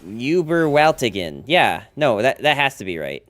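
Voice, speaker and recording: A man's voice: medium pitch, very animated, moderate pace, a bit bright. An American man casually commentating his gameplay on stream, chatty and playful, joking with his chat.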